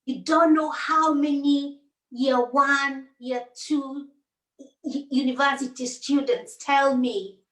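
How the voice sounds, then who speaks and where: A woman with a high voice speaks as a psychiatrist guest on a talk show. She gives calm, encouraging advice and repeats her key phrases for weight. Her voice carries a roomy echo. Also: slow.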